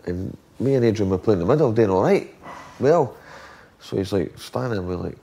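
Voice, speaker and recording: A man's voice: on the low side, expressive, moderate pace, gravelly, warm tone, slight background noise. A Scottish man, a former footballer, telling rambling, profane dressing-room stories and acting out what others said. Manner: swearing, rambling anecdotes acting out quotes. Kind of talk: casual storytelling chat.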